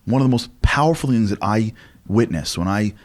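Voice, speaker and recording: Fast, animated male lecturer. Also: on the low side. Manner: animated, fast, with many restarts. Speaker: lecturer and guest. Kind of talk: conversational storytelling interview.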